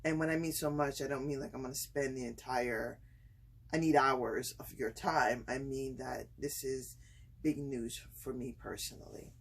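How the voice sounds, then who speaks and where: Filming a casual vlog at home, a woman with a deep bass voice and a breathy edge shares a personal story. She hesitates with lots of fillers and pauses but grows excited and laughs as it builds. Screaming has left her throat slightly itchy.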